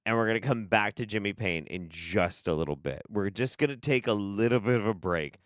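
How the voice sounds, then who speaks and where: A young adult man hosting a stream, reacting in animated casual commentary, swearing and laughing often. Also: fairly low pitch, dry recording, clean studio sound. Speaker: streamer host.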